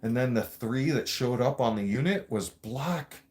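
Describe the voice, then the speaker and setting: Speaking unhurriedly in a mid-range, slightly mellow voice, a man hosts a show and tells a story. He's blunt, casual and streetwise, cursing constantly as he talks straight to his audience.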